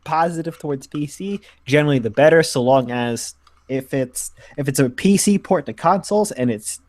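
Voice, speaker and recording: Halting, restart-prone podcast guy. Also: on the high side, darkish tone. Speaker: podcast co-host. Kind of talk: casual chat.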